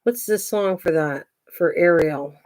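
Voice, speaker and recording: A woman's voice: fairly low pitch, a little slow, a little mellow. Chatty older woman crafting live. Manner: chatty, thinks aloud, greets viewers by name. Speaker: craft channel host. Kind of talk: casual livestream chat while crafting.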